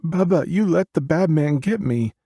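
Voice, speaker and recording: A small ghostly girl calls out plaintively, her voice pitched high and thin, as a man puts her on. It has a faintly husky edge and sits dry and close, like an audiobook read. She sounds hurt and accusing. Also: lively intonation, moderate pace, mellow, no echo. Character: ghostly little girl calling for her brother.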